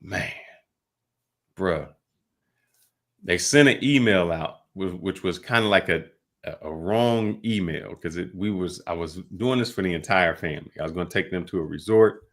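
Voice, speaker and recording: A man hosting a casual podcast, telling loose stories with drawn-out fillers and restarts. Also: low voice, fairly bright tone. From United States. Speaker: podcast host.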